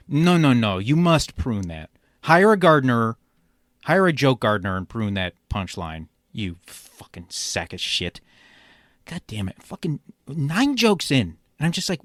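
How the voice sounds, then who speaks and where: A man hosting a reaction commentary show, ranting sarcastically and swearing, jumping from loud outbursts to low mutters. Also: big pitch swings, unhurried, dry recording, clean studio sound. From immigrant. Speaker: commentary podcast host.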